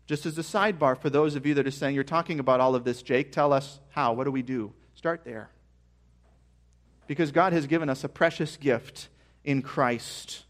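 A man preaching a sermon as pastor, earnest and building to excited emphasis. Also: high voice.

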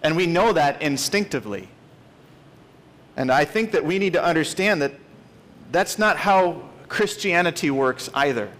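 A pastor in his late thirties delivers a sermon with an earnest, emphatic push. His voice sits a little high for a man, and he leans hard into the words he wants to land. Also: expressive, moderate pace, fairly bright tone. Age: 30s. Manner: earnest, emphatic, with rising stress on key words.

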